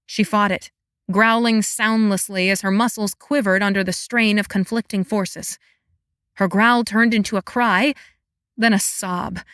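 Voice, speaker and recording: A woman's voice: mid-range voice, fairly even intonation, a little slow, a bit bright, clean tone, dry recording. Woman narrating a romantasy audiobook, dry sound. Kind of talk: scripted narration.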